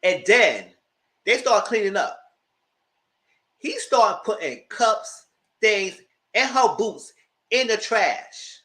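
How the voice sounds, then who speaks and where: A man's voice: sits high, big pitch swings, slow pace, long pauses, sharp tone. A man giving a casual live review of a reality TV show, retelling scenes with exasperation and cursing.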